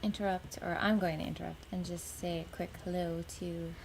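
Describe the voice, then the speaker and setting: A woman's voice: on the low side, fairly even intonation, fairly quick, gravelly, a little hiss or hum, rough recording. A woman co-hosting a live stream chat, playful and reading out viewer messages. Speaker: co-host.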